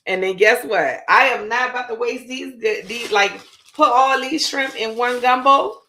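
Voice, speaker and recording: A woman's voice: on the high side, takes it slowly, sharp tone. A woman with a New Orleans accent, hosting her own show and chatting casually to viewers while she cooks. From Louisiana. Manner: chatty, talks straight to viewers. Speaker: show host. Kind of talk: casual cooking chat.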